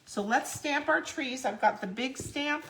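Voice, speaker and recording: Demonstrating crafts live, a woman chats and explains every step while she works, speaking a little slowly in a high voice. There is noticeable noise in the background.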